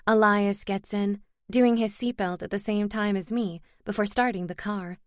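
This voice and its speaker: A woman's voice: medium pitch, fairly even intonation, a little slow, hardly any pauses, no echo, studio quality. A woman reading a first-person fantasy romance audiobook expressively, lifting her voice for dialogue. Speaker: audiobook narrator.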